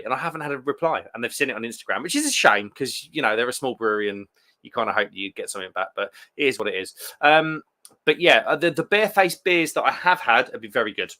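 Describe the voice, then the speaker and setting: A man's voice: mid-range voice, animated, fast talker, pushed and bright. A man hosting a beer live stream, chatting casually and rambling through viewer comments with plenty of restarts. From England.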